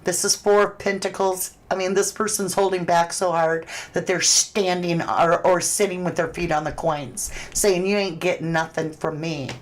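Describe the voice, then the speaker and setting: A woman's voice: lowish voice, steady tone, normal speed, few pauses, poor audio. A woman hosting a live tarot reading, chatting through viewers' questions in a conversational way. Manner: chatty and conversational, with frequent restarts and fillers. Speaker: tarot reader host.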